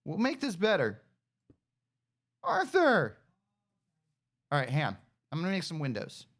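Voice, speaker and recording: A woman giving casual gameplay commentary, excitable, talking to herself and coaxing a pet along. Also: lowish voice, unhurried. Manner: animated, talks to herself and coaxes a pet pig; excitable shouts and cheers. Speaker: gaming streamer.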